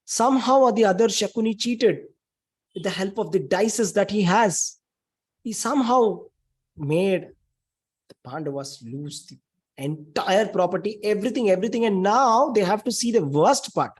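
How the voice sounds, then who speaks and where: A man's voice: high voice, expressive, moderate pace, breathy edge. A man giving a spiritual talk, retelling a scripture story in an emphatic, dramatic way with lots of repetition. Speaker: spiritual speaker.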